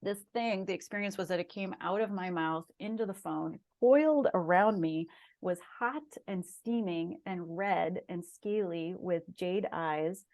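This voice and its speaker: Middle-aged woman, interview guest, low voice, earnest storytelling. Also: a little slow. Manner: animated, earnest personal storytelling. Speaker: guest, shaman and massage therapist.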